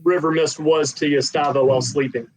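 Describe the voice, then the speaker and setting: A man's voice: on the high side, fairly even intonation, fairly quick, a little hiss or hum, poor audio. A man narrating a tabletop game as game master, rambling with many fillers.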